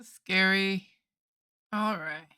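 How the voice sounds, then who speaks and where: A woman hosting a reaction video, relaxed and thinking aloud as she comments, mixing in English words. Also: medium pitch, drawn-out words.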